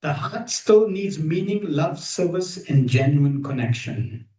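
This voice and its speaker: A man giving an emphatic devotional talk to a gathered group, pausing often and asking rhetorical questions, streamed live. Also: on the high side, animated, dark tone. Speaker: spiritual teacher. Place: room with a gathered audience. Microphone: streamed live over video call. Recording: echoey room.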